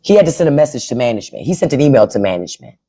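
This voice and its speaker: A woman's voice: a bass voice, very animated, racing, dark tone, a little hiss or hum. A woman hosting a livestream, ranting with sarcastic, profane commentary. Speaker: livestream host. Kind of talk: casual livestream rant.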